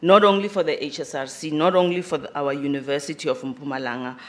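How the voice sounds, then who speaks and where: A speaker with a squeaky voice gives a formal welcome address in a university conference hall. The delivery halts often, with fillers and repeated words. The voice climbs louder and higher on the phrases being stressed. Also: fairly even intonation, quick pace. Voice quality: self-described squeaky voice. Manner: rises in pitch and volume on emphasized phrases. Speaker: conference host speaking for the organizers.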